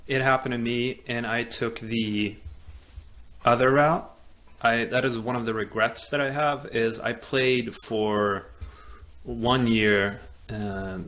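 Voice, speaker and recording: A man from Europe hosting a podcast, telling a personal story in an animated way and acting out the other people's lines. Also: fairly low pitch. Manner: animated storyteller, acts out quoted dialogue, many fillers. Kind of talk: storytelling in casual conversation.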